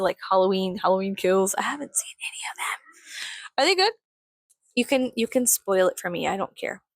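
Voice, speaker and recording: Female vlogger, gravelly fry, dry close sound, loose profane get-ready-with-me chatter. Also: on the high side, no room sound. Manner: rambling, profane, drifting into soft whispers. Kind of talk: casual rambling chat while doing makeup.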